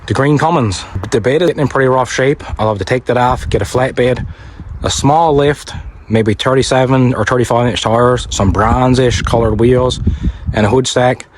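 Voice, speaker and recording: A man's voice: mid-range voice, normal speed, slight background noise, poor audio. A man with a Newfoundland accent chatting casually in a vlog about flipping cars, plain-spoken with dry humour. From Newfoundland, Canada. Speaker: car-flipping YouTuber.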